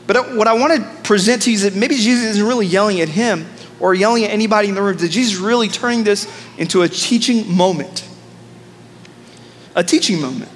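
A man's voice: high-pitched, fairly quick, long reverb tail, slight background noise. A man preaching a sermon as a pastor, telling stories with asides to the congregation. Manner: storytelling, animated with asides to the congregation.

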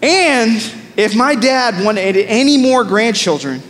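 A man's voice: very high-pitched, takes it slowly, in a large hall. A man preaching a sermon as a pastor, telling stories with asides to the congregation. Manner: storytelling, animated with asides to the congregation.

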